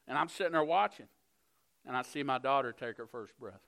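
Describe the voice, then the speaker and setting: A middle-aged man preaching a sermon, telling a personal story earnestly, moving between hushed moments and fired-up passages. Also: fairly high pitch, animated, moderate pace, gravelly.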